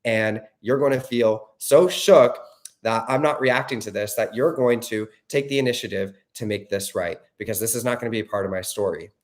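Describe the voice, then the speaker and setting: A relationship coach with a fairly low voice addresses the camera in a motivational talk. His delivery is blunt, emphatic and full of profanity, and he keeps asking "okay?" to check in.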